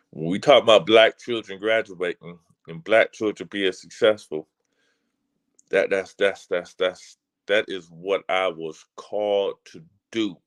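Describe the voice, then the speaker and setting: A man delivers a passionate, casual motivational talk with a low-sitting voice, sounding emphatic and almost like a preacher. His delivery is slangy, and he often stumbles and repeats words as he builds momentum.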